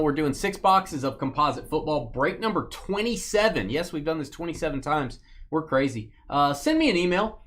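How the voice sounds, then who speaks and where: A man's voice: on the high side, fairly bright tone. A man hosting a live card break, joking casually and reading off lists of names and teams. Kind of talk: casual live-stream chat while opening cards.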